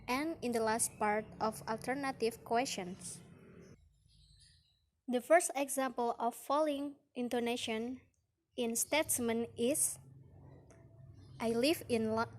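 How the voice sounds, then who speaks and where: Young woman, slow lesson reading, higher voice. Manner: slow, careful reading with acted example sentences. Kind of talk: reading a phonetics lesson aloud.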